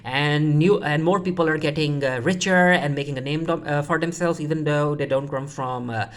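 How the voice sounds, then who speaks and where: Her voice sits low and moves at a moderate pace. She's a TV show reviewer giving a loose episode recap, full of restarts, offhand remarks and casually quoted character lines.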